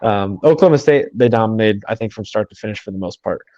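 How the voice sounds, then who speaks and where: A man from the talks sports in a quick, rambling podcast chat, piling up fillers as he goes. His voice sounds dry and a little dull. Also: fairly low pitch, warm tone, no echo. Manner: quick, run-on talk with many "um"s.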